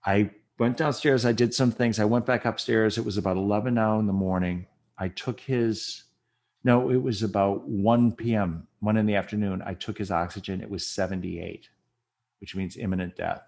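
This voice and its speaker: A man telling a personal story in an interview, earnest, and quick and agitated when reliving tense moments. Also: lowish voice, fairly even intonation, vocal fry, a little mellow. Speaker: guest recounting a personal experience.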